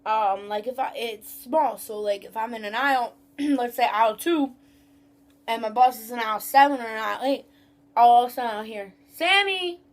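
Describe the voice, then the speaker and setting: A young woman tells a story from work in a rambling, profane, casual rant. Her voice sits a little high for a woman. She keeps slipping into mimicry of rude customers. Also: steady tone, moderate pace, darkish tone. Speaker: vlogger.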